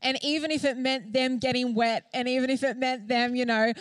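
A woman's voice: high-pitched, steady tone, brisk, clean tone, dry recording. A young woman giving an earnest, enthusiastic sermon, talking loosely with fillers. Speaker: church speaker.

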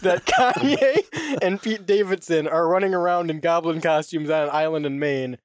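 A man's voice: on the high side, expressive, normal speed, dry recording, clean studio sound. A man co-hosting a casual podcast, joking around and reading out headlines in a mock-news tone. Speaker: podcast co-host. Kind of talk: casual chat.

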